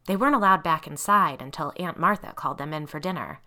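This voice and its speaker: A woman narrating a scary children's story in an expressive storytelling style. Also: deep voice, quick pace.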